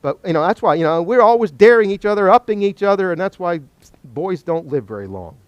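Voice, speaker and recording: Animated man teaching scripture. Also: high-pitched, brisk, dry recording, muffled recording. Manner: animated, joking, asks the class questions. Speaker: Bible study teacher. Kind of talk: Bible study lecture.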